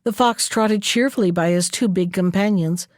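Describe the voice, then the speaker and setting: A woman storyteller reading a folktale aloud in a clear, expressive way. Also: mid-range voice, moderate pace, dry recording, clean studio sound. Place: library.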